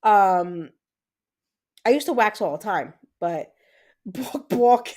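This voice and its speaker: Speaking slowly in a lowish, darkish, expressive voice, this livestream host is a woman in her thirties from Puerto Rico with a Puerto Rican accent. She chats casually with her audience, reads chat comments out loud, and meanders with frequent fillers and repeats.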